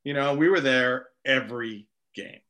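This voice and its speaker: A man hosting a casual conversation, telling animated anecdotes. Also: medium pitch, normal speed.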